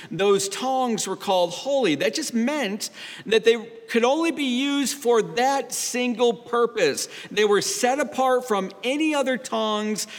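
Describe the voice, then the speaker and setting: A man preaching a sermon as a pastor, speaking slowly and deliberately and often repeating words. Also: high voice, big-room sound.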